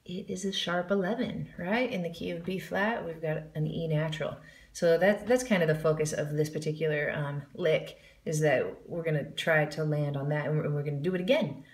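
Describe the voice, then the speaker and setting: A woman's voice: deep voice, fairly quick, roomy sound. A woman giving a jazz singing lesson, explaining the music and counting in before she scat-sings the examples. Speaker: vocal jazz teacher.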